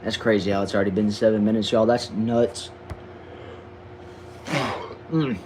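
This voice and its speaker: A man's voice: on the low side, steady tone, unhurried, background noise. Laid-back Southern man reading chat. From Texas. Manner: laid-back, slangy, stumbles and repeats words. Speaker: livestreamer. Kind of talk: casual livestream chat reading comments. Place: back shed.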